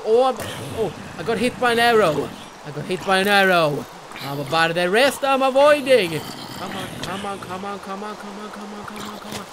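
A young adult gamer narrating a let's play in an excitable, swaggering way, swearing freely and bursting into loud exclamations. The pitch leaps up and down a lot, and a faint hiss sits underneath. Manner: excitable, loud outbursts and mock bravado; swears casually. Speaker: gaming YouTuber.

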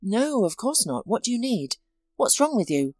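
A caring, upbeat male friend, as a woman reads him out, coaxing and warm in a lively, swinging voice. The sound is dry and close with soft music under it. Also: on the high side, moderate pace, no echo, pitched above the performer's own voice. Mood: concerned.

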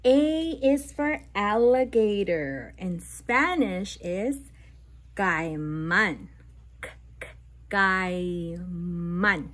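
Speaking at a medium pitch, a little bright and expressive, a woman reads a bilingual picture book to toddlers. She works through letter sounds slowly, emphasizing each one, and adds playful animal noises.

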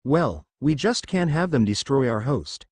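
A man voicing a gruff male beast spirit sealed inside a boy, in a fan fiction reading. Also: mid-range voice, big pitch swings, a little slow, no echo, studio quality.

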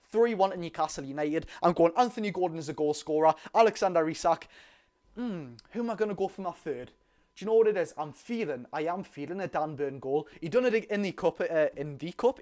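A man's voice: on the high side, a little mellow. A young man with a Geordie accent chatting casually and animatedly to viewers on a live football watchalong stream. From North East England. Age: young adult. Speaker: football fan YouTuber hosting a live watchalong.

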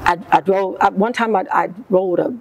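A middle-aged woman tells her own story as an interview guest. Her voice is gravelly and a little husky. She talks in an emotional, animated way and acts out the lines other people said. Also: medium pitch, normal speed, rough recording.

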